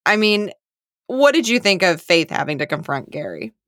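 A woman co-hosting a podcast in casual chat, animated, her voice jumping high when she quotes people. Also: moderate pace, no echo, studio quality. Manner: animated, swoops up high when quoting others. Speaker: podcast co-host.

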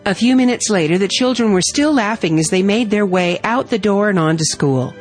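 A woman reading her own heartfelt family story aloud in a gentle storytelling manner. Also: mid-range voice, animated, brisk, faint music behind. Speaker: story reader.

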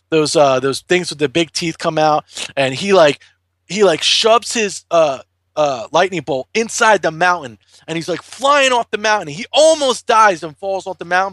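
A man's voice: high voice, fairly bright tone, no echo. A man recapping a comic in casual chat, swearing constantly and rambling through fillers as he tells the story.

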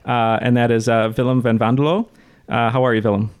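A man hosting a trivia podcast in casual chat, halting with many fillers and frequent laughs. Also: mid-range voice, level tone. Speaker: podcast host.

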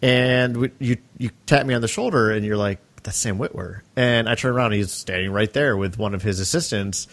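A man's voice: lowish voice, a little fast, few pauses. A man co-hosting a podcast, telling a story in an easygoing, considerate casual chat. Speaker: podcast co-host.

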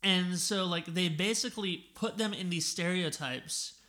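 A man co-hosting a casual film podcast, excitably retelling scenes and quoting the characters' lines. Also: sits high, normal speed. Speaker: podcast co-host.

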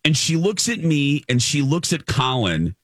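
A man in his forties tells a story in a lively, swooping voice and acts out every quote. His voice is recorded dry and close, with no room sound. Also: fairly high pitch, a little slow, no echo. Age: 40s. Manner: animated storyteller acting out quotes. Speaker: radio show co-host. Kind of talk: casual chat, telling a personal story.

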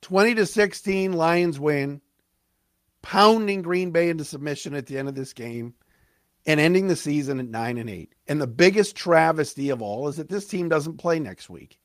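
A man hosting a sports podcast, ranting excitedly with stumbling restarts, his voice cracking. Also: on the high side, no echo, clean studio sound. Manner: fired-up, rapid, stumbling restarts.

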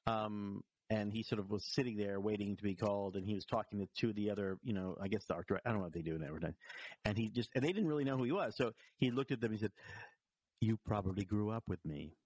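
A man co-hosting a podcast in casual chat, telling anecdotes with wry, quick joking asides. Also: lowish voice, a little mellow. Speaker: podcast co-host.

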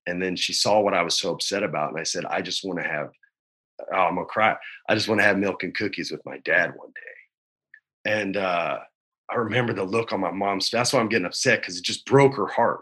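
A man's voice: lowish voice, fairly bright tone. A man in his forties, a guest in a casual interview, speaking candidly and with feeling, often adding "man" and "dude". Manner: candid, emotional, says "man" and "dude" a lot.

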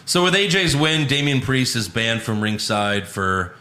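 A man's voice: medium pitch, very animated, a little slow, bright, forceful tone, reverberant, slight background noise. A man co-hosting a casual podcast, recapping a show with sarcastic jokes. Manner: sarcastic, does mocking voices of people. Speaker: podcast co-host recapping wrestling. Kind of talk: casual chat.

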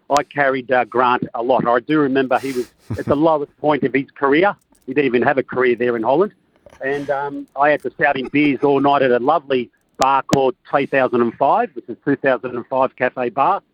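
A man's voice: medium pitch, lo-fi sound. An Australian man calling in to a podcast, ribbing a friend with a cheeky story. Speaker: caller. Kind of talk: casual phone call.

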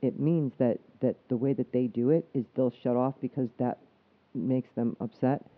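A man's voice: medium pitch, steady tone. A man co-hosting a podcast, talking earnestly in a casual chat and often restarting his sentences. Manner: earnest, explaining, halting restarts. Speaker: podcast co-host. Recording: tinny phone-like sound.

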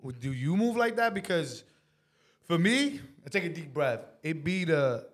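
A man's voice: a little high, sing-song, a little slow. Blunt, swearing man on a podcast. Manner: blunt, emphatic, swears freely. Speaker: podcast co-host. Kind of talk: casual chat.

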